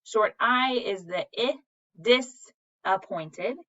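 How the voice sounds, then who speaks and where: A woman teaching a recorded reading lesson, her voice bright and ringing through slightly dull, lo-fi audio. She speaks slowly and clearly, sounding out each word syllable by syllable for young students. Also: medium pitch.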